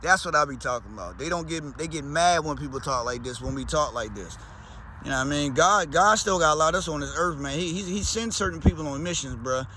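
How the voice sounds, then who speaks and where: Baltimore dude vlogging, talks a lot, real loose and slangy, high voice. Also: male voice, lively intonation, fairly quick, sharp tone, a little hiss or hum. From Baltimore, USA. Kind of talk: casual rambling chat.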